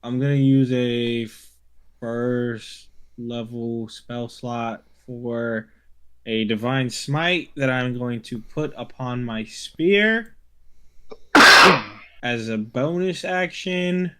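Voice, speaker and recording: A man playing a tabletop game, declaring his turn in a drawn-out way and humming while he thinks. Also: mid-range voice, bright, forceful tone, smooth. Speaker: player.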